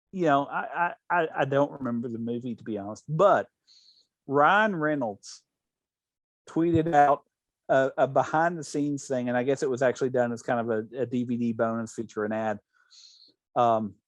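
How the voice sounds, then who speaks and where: A man's voice: mid-range voice, normal speed, no echo. A man hosting a podcast, telling stories in casual chat with many restarts. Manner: rambling storyteller with many restarts. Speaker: podcast host.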